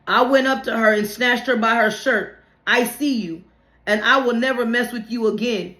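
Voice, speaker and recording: A woman's voice: on the high side, measured pace, fairly bright tone. A woman reading her own memoir aloud in a plain conversational way, with some restarts and slips. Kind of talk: memoir narration, read aloud. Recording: roomy, echoey room.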